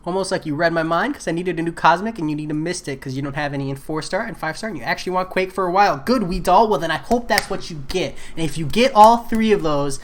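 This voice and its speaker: A man's voice: fairly high pitch, quick pace, hardly any pauses, slight background noise. A man chatting casually while live-streaming a game, answering viewer messages in a laid-back way.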